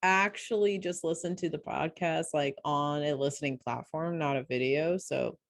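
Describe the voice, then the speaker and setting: A woman co-hosting a podcast in casual chat, tired, with a sore throat and a flat, low-key delivery. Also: moderate pace, gravelly. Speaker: podcast co-host.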